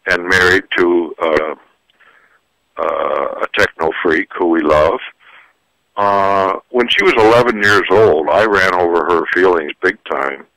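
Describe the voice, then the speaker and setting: In the radio studio, an older psychologist and author tells lively, homespun stories and jokes while offering parenting tips. His voice is low-pitched and a little slow, recorded dry with poor audio quality.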